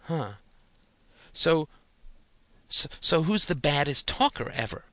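A man's voice: a little high, big pitch swings, pushed and bright, no echo, voice pushed up, exaggerated voice. A man voicing a curious, earnest six-year-old boy who stumbles over his questions in an audiobook. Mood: eager. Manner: eager, halting, full of questions.

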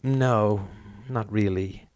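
Meek wife, soft murmured and hesitant, low and dry, read by a man. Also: extremely slow, no echo. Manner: hesitant, confessional.

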